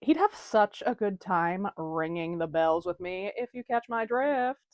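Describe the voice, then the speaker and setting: Woman as a mocking, bawdy female ghost; lively, dry comedy read. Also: mid-range voice, a little slow, no room sound, close to an everyday voice. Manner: crude, teasing, mocking. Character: bawdy prankster female ghost, over a century old. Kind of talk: comedic audio drama.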